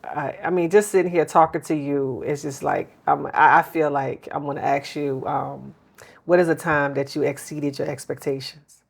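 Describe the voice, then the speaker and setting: A woman's voice: low voice, fairly even intonation, normal speed, gravelly, husky. A middle-aged woman hosting a podcast, talking earnestly in casual chat and repeating words as she starts. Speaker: podcast host.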